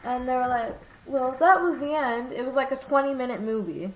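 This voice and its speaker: A young woman tells a rambling, animated story to a friend in casual chat. Her voice sits a little high. The room is echoey, with faint background noise. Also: fairly quick. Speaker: vlogger.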